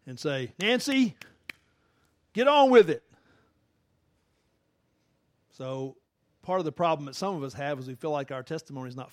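A man's voice: a little high, no room sound. A middle-aged male pastor preaching in a conversational way, laughing often and acting out the quotes he tells. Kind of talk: sermon.

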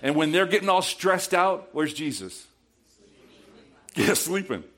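A male pastor preaching a sermon in a church, asking the congregation questions and swinging from quiet prayerful passages to loud shouts. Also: fairly high pitch, big pitch swings, measured pace, a little hiss or hum. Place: church sanctuary.

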